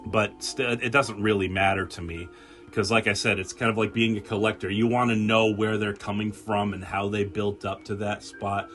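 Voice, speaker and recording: Lively, bright-voiced male podcast host. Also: lowish voice, moderate pace, faint music behind. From New England. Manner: animated storyteller, acts out quotes, laughs often. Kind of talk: casual podcast chat.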